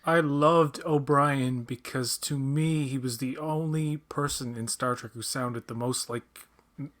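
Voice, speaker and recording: A man with a light Newfoundland accent talks in a loose, rambling way, often poking fun at himself. His voice sits at a plain middle pitch. The chat is casual fan commentary. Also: fairly even intonation, fairly bright tone. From Newfoundland, Canada. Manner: rambling, self-deprecating, quick to laugh. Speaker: podcast guest.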